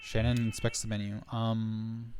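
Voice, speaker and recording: A man's voice: fairly low pitch, little pitch movement, measured pace, a little mellow, faint music behind. A man streaming a game live, reading its dialogue aloud in a playful way and dropping jokey asides between lines.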